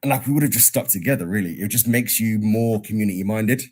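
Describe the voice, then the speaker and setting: Deep husky young British man calling in. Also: fast talker, a little mellow. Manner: rambling, many "like" fillers. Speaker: caller. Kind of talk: casual call-in chat.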